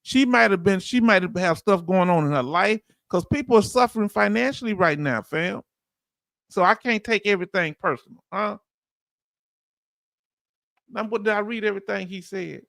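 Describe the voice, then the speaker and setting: Southern male stream host, gravelly high voice, folksy and chatty, dry close sound. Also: animated, moderate pace, fairly bright tone, no echo. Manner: loose, folksy, calls out to viewers. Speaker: livestream host. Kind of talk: casual livestream chat reading comments.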